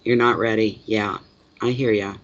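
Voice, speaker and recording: A man's voice: on the low side, steady tone, normal speed, fairly bright tone, highs cut off. A Canadian man giving a chatty live-streamed tarot reading, plainspoken and repeating words for emphasis while he answers chat comments. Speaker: tarot reader.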